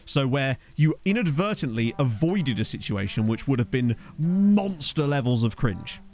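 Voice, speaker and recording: Lively chatty young male streamer. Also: mid-range voice, normal speed, soft background music. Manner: rambling, self-mocking storyteller with frequent laughs. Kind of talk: casual gameplay chat with chat readers. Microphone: desktop USB mic.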